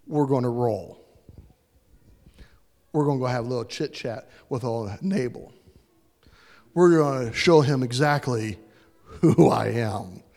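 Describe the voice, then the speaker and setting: A man voices a confident young warrior king who talks in a casual, slangy manner. The speech is unhurried, and the voice echoes through a large hall. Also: mid-range voice, darkish tone, natural voice. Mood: rallying.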